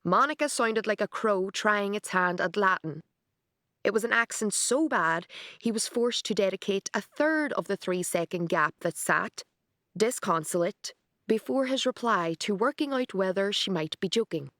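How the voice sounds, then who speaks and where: A woman's voice: medium pitch, lively intonation, fairly bright tone, no room sound, clean studio sound. Wry woman narrating an audiobook. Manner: wry, measured storytelling. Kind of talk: scripted narration.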